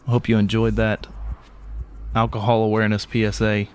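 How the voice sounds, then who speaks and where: A man's voice: lowish voice, completely flat delivery, brisk, a little mellow, clean tone. A man hosts a casual sports podcast. He speaks in dry, brief remarks and sets up topics for his co-host.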